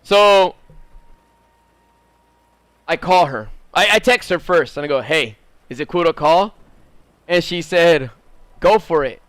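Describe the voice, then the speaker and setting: High-voiced man telling a story, dry mic. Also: takes it slowly, long pauses, clear, resonant tone, dry recording. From Southern California. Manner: animated, rising to excited high bursts when quoting himself. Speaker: streamer. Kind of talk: casual storytelling while gaming.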